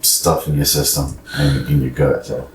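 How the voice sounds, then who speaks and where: Low-voiced easygoing man in an echoey room. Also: little pitch movement, moderate pace, a little hiss or hum. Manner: easygoing, chatty, explains as he goes. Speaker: bodybuilder vlogger. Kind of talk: casual vlog talk to camera. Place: indoor room away from home.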